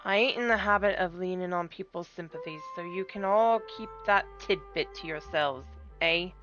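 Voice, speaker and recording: A woman voicing a blunt, gruff male sky pirate captain with a drifting accent, reading game dialogue aloud. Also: fairly low pitch, normal speed, fairly bright tone, natural voice. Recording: dull lo-fi with game music.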